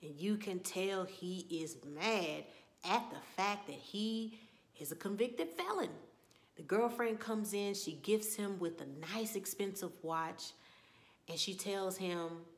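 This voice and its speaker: A woman's voice: medium pitch, slow. A woman casually recapping a TV episode in a chatty storytelling way, often slipping into the characters' lines. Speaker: TV episode reviewer.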